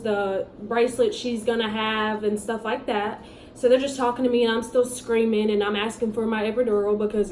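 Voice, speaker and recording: A young woman telling her own story in a casual, animated way, acting out what people said. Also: a little high. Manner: animated, chatty storytelling with acted-out quotes. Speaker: vlogger. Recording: echoey room with faint background hum.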